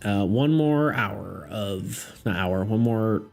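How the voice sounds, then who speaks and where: A man's voice: on the low side, lively intonation, slow pace, creaky, faint music behind. A man streaming a tabletop role-playing game, hesitant and laughing often, with lots of fillers. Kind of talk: casual live-stream role-play.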